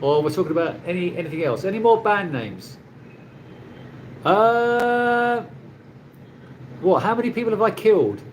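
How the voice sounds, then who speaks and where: A man's voice: sits high, animated, normal speed, pauses often, a little hiss or hum. A man from England, hosting a rambling casual live chat with viewers from his condo, laughing often. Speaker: livestream host. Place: condo in the Philippines.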